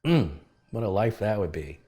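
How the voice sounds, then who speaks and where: A middle-aged U.S. host of a tech channel speaks in a fairly low, warm, sing-song voice at a moderate pace. On his live review stream he chats with viewers, calls them by name, and adds wry commentary.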